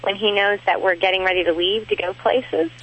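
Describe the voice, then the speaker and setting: A woman from Pennsylvania calling in to a radio show, hesitant and soft-spoken. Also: mid-range voice, fairly quick, slight background noise. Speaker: caller. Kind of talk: phone-in call. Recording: phone line.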